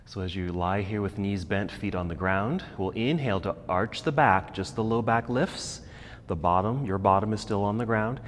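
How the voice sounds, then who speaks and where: A man leading a guided yoga class, giving calm, encouraging cues about posture and breathing. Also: lowish voice, moderate pace, in a large hall, a little hiss or hum. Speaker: yoga instructor. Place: yoga studio.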